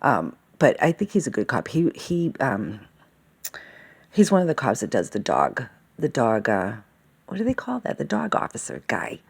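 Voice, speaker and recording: Woman ranting to camera, gravelly, voice swings up and down a lot, swears, rambles. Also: extremely low pitch, huge pitch swings, moderate pace, a little mellow. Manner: rambling, agitated, swears often; fillers and self-interruptions, asks "okay?" and "all right?". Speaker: vlogger. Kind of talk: casual monologue.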